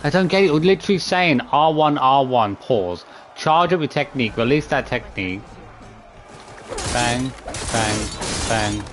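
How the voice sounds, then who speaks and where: Exasperated male gamer with lively pitch. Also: a little slow, over music. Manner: exasperated, swears, counts button presses aloud. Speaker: streamer playing a video game. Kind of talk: live gameplay commentary.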